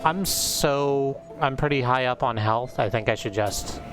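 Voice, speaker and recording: Guy streaming a game, chatty and wry, talking it through, game music clear behind him. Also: mid-range voice, a little slow. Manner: chatty, thinking aloud, wry. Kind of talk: casual gameplay commentary.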